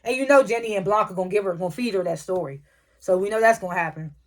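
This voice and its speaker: A female TV show reviewer with a mid-range voice talks fast as she recaps and reviews an episode. Her retelling is animated and slangy, and she swears frequently.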